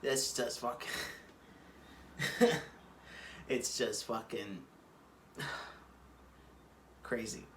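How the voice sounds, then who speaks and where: A man's voice: mid-range voice, very slow, pauses often, a bit bright, a little hiss or hum. A man talking casually to camera from a room at home, rambling and cursing as he digresses. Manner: rambling, profane, restarts and digressions. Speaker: vlogger.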